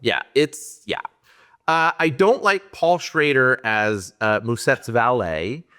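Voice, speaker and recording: A male podcast host in easygoing chat about a film. He walks through scene after scene with lively, amused energy and a mid-range voice, often breaking into laughter at the absurd parts. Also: mid-range voice, takes it slowly, smooth. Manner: animated retelling, laughing at the plot. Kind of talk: casual movie-review chat.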